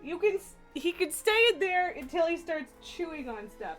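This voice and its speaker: A woman streamer chats casually from her home room, her voice high and swinging widely in pitch. She laughs often, swears freely and scolds her cats mid-sentence. Faint music runs under her voice. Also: big pitch swings, moderate pace, few pauses. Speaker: live streamer. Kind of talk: casual live-stream chat.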